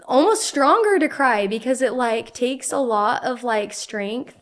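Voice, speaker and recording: A young woman talking casually as a podcast guest, her voice sitting a little high. She tells her stories earnestly and keeps reaching for "like" between thoughts. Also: animated, measured pace. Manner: earnest, heavy use of "like" fillers. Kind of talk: casual conversational storytelling.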